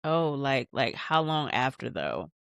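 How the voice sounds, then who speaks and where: A woman's voice: very deep voice, big pitch swings, vocal fry, fairly bright tone, clean tone, dry recording, pitched below the performer's own voice, exaggerated voice. Woman voicing a prying young woman who fires off question after question, dry close sound. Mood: probing. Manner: probing, rapid follow-up questions.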